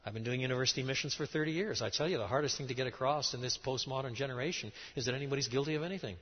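A middle-aged man preaching a lecture-style sermon, emphatic and animated, with sudden rises and drops in his voice. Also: mid-range voice, very fast, husky. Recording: dull sound in a large reverberant hall.

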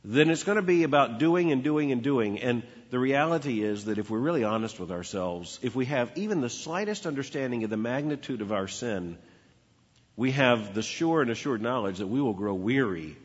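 Husky preacher in an echoing hall. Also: male voice, mid-range voice, lively intonation, moderate pace. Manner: storytelling preacher, emphatic repetition. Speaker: pastor. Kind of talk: sermon. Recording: dull lo-fi with long hall reverb.

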